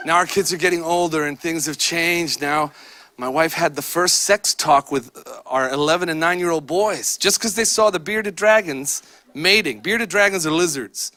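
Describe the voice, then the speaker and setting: A man in his forties doing a stand-up comedy set on a club stage, telling animated stories and acting out the people he quotes. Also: a little high, normal speed. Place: comedy club stage before a laughing audience. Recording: live club recording with loud crowd laughter and noise.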